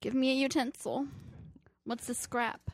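A woman's voice: high voice, fairly even intonation, a little slow, no room sound. A woman co-hosting a casual podcast, playful and teasing, who giggles often. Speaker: podcast co-host. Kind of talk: casual chat.

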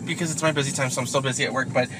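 A man's voice: mid-range voice, fairly even intonation, rapid-fire, over music, rough recording. A man co-hosting a podcast in casual chat, rambling with lots of fillers and laughing often, talking from inside a car. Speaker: podcast co-host. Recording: car road noise behind.

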